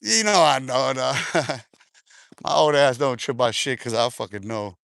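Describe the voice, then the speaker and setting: A middle-aged man hosting a casual livestream, talking loudly with laughter and profane street slang while walking outdoors in a park, speaking into a phone. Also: mid-range voice, moderate pace, vocal fry, no room sound, studio quality. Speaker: livestream host. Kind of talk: casual livestream chat reading comments.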